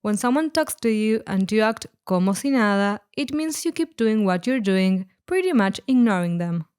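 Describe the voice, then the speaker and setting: A woman narrating a scripted language lesson, explaining words clearly and slowing down on each example. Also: mid-range voice, expressive, a little mellow. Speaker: Spanish teacher.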